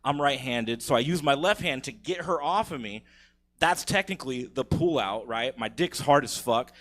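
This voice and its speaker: A young man spins a crude story for a live comedy crowd. He swears freely and laughs at his own lines. His voice is bright and forceful. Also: medium pitch, expressive, normal speed. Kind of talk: profane stand-up storytelling. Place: live comedy theater stage.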